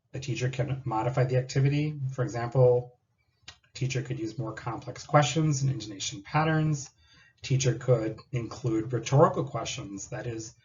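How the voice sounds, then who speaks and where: Man, teacher, measured explanatory delivery, scripted lesson presentation, slightly dull recording. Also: mid-range voice, a little mellow. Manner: measured, explanatory, models question intonation aloud.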